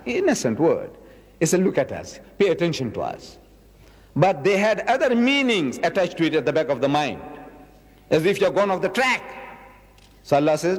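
A man in his seventies giving a public religious lecture, emphatic, repeating key words and slowing down to quote verses. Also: fairly high pitch, big pitch swings, slightly rough, big-room sound. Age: 70s.

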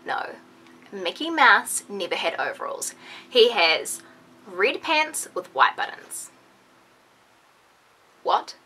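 A young woman chatting excitedly to her viewers in a casual vlog, full of "like" and quick asides. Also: medium pitch, breathy edge. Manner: excitable, animated, lots of "like". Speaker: beauty vlogger.

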